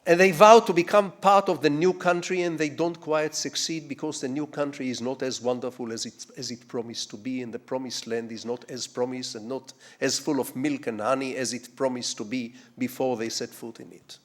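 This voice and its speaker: A man's voice: medium pitch, steady tone, moderate pace, few pauses. Older Israeli man lecturing, digressive storyteller. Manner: digressive, with rhetorical questions and sweeping dramatic shifts in loudness. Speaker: guest lecturer.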